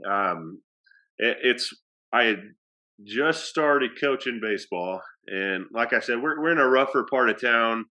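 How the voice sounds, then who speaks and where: Bright-voiced man telling a story. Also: medium pitch, lively intonation, measured pace. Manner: rambling with many fillers and restarts. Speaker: athletic director. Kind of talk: casual storytelling.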